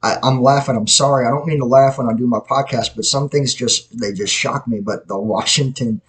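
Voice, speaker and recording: His medium-pitched voice holds a steady tone at normal speed, captured in a low-quality recording. He's the host of a self-produced podcast, using its mic to deliver blunt sports opinions in a loose, rambling way full of self-corrections.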